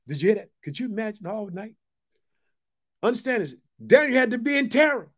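Man, preacher, high voice, emphatic asides, sermon with scripture reading. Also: animated, fast talker. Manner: emphatic, call-and-response asides.

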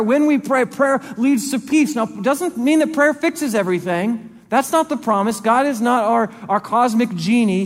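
A male pastor preaching a sermon in an earnest, conversational way, repeating phrases for emphasis. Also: sits high. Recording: long reverb of a large hall.

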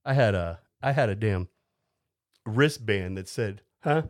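Animated male storyteller, lively pitch, close and dry. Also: a little slow, dry recording. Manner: animated storyteller, laughs often, acts out voices. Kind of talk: casual chat.

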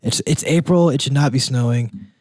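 A young man co-hosting a casual college sports podcast, relaxed and rambling, full of fillers and quick laughs. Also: mid-range voice, husky, no echo, studio quality. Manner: relaxed, rambling, laughs often, says "like" and "dude".

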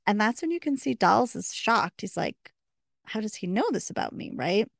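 A woman's voice: medium pitch, lively intonation, normal speed, vocal fry, dry recording, studio quality. A woman co-hosting a podcast, chatting casually and recounting scenes with quoted dialogue. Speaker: podcast co-host. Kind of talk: casual recap chat.

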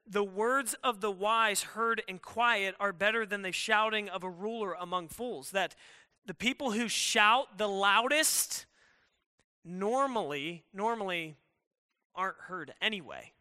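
Young male youth pastor, high bright crisp voice, reverberant hall; conversational sermon. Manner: conversational preaching with quick asides.

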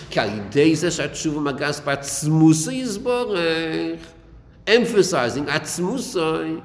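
A man teaching a Chasidic text class, acting out dialogue and repeating his phrases. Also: on the high side. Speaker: Torah teacher. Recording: echoey room with long reverb.

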